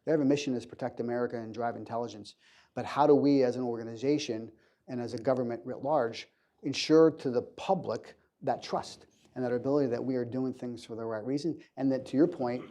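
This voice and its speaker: A man, a government counterintelligence official, answering questions on a conference panel in a measured way with frequent fillers and restarts. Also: mid-range voice, fairly even intonation, mellow. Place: conference hall.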